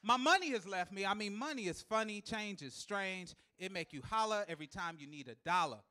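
A man preaching a live sermon in a church, repeating key lines for emphasis and building to loud, emphatic shouts, with chuckles between points. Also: sits high, lively intonation, fairly quick, clean tone. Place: church sanctuary.

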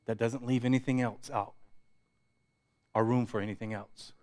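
A pastor preaching a sermon, building intensity through repetition and dropping to quiet asides. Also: male voice, medium pitch, fairly even intonation, moderate pace, pauses often. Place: church sanctuary.

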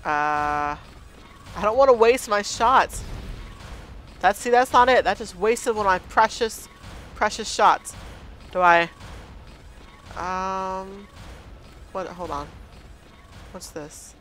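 A man with a high voice talks slowly through a let's play, half to himself. He hesitates and mutters while figuring out the controls, over a faint hiss. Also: fairly bright tone. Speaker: gameplay commentator.

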